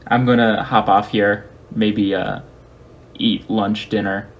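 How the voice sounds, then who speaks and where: A man's voice: lowish voice, flat delivery, takes it slowly. A man streaming live, chatting casually with viewers and thinking aloud while he works on a repair.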